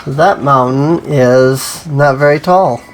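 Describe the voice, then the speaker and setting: A let's play host thinks aloud through casual gameplay commentary, chatty and self-amused. The voice sits at an ordinary middle pitch and yelps at each mishap. Faint ambient hiss runs under the speech. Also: slow pace.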